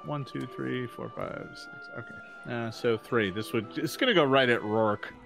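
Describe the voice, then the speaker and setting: A man's voice: medium pitch, unhurried, vocal fry, soft background music. A man narrating a tabletop game as game master, with many fillers and restarts. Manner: hesitant, many fillers, animated.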